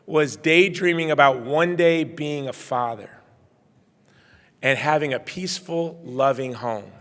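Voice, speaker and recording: A man's voice: medium pitch, normal speed. Earnest man telling his story in a hall. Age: middle-aged. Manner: earnest storytelling, swings from quiet to loud. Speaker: keynote speaker. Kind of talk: personal testimony speech. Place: banquet hall. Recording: reverberant hall.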